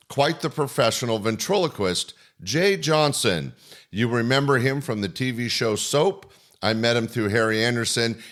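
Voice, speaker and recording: A man hosting a comedy podcast, reading his lineup in a friendly, even voice at a middle pitch. He sounds plain and unhurried, like an announcer reading from a script. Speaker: podcast host. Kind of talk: scripted show introduction.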